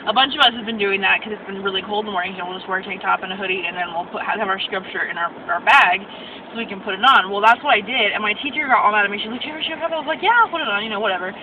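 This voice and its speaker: A woman's voice: medium pitch, rapid-fire. A young woman venting about her medical assistant class in a vlog, ranting and acting out what others said. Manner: ranting, acts out quoted people. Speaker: medical assistant student vlogger. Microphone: phone camera. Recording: tinny phone audio with noise.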